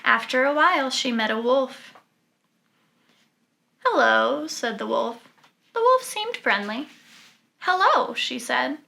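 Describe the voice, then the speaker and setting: A woman reading a children's storybook aloud in an animated, expressive way. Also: high voice, unhurried, creaky. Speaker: storybook reader.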